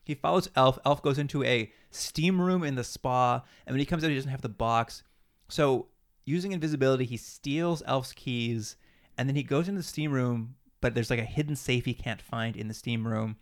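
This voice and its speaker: A man's voice: mid-range voice, moderate pace. Man animatedly recapping a tv episode. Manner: animated retelling, acts out quoted lines. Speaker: podcast co-host. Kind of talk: casual chat recapping a TV show.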